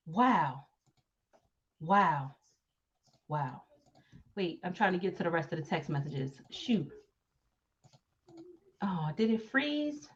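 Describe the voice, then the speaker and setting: A woman hosting casual celebrity gossip commentary, animated and mocking, laughing often and talking in slang. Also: a little high, highs cut off. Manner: slangy talk, repeated phrases. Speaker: commentary host.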